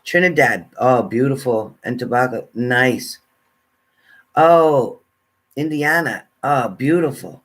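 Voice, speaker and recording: A relaxed man talks his way through a live stream. He greets viewers and reads their comments aloud in a casual, chatty way. His voice sits at an ordinary middle pitch. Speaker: tarot reader greeting live chat.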